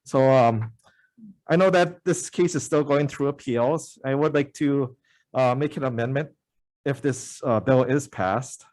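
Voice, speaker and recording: A man of mid-range pitch testifies before a legislative committee. He speaks earnestly but haltingly, leaning on frequent "uh" fillers as he works through his points. His tone is plain and conversational rather than polished. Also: darkish tone. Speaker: member of the public testifying. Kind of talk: public hearing testimony.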